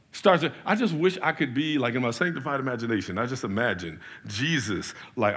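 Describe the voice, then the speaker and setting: A man preaching a lively sermon in a husky, slightly raised voice. He fires off rhetorical questions and swings from punchy emphasis to near-quiet asides. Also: a little high, fairly quick, hardly any pauses. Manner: animated, with rhetorical questions and big swings in loudness. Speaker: pastor.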